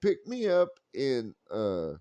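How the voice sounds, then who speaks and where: A man's voice: mid-range voice, wildly swooping pitch, takes it slowly, mellow, clean tone, no room sound. A young man telling a rambling, profane story full of fillers and restarts. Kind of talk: casual storytelling.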